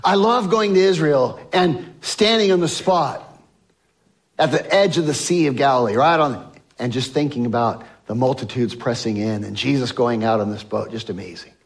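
A man preaching a sermon, telling a Bible story and acting out the voices of the people in it, dropping from loud to hushed. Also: mid-range voice, normal speed. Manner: swings from loud emphasis to soft hushed lines. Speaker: pastor.

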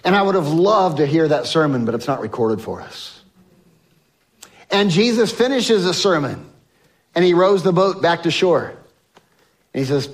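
A man preaching a sermon, telling a Bible story and acting out the voices of the people in it, dropping from loud to hushed. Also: on the high side, animated, normal speed, pauses often. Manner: swings from loud emphasis to soft hushed lines. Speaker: pastor.

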